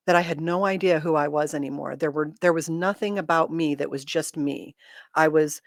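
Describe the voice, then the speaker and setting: A middle-aged woman with a low voice hosts a casual livestream chat, speaking candidly with self-deprecating humor and reading viewer comments aloud. The studio sound is clean, with no echo.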